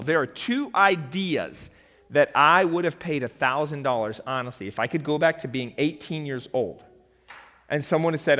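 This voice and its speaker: A man, a pastor, teaching a church finance lesson in a lively storytelling way and quizzing his audience. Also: on the high side, moderate pace. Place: church hall. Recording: long hall reverb.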